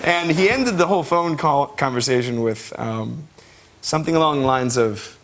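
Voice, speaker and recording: A man guest on a talk show, telling an anecdote in an animated way with fillers and laughter. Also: mid-range voice, a little fast, slight background noise.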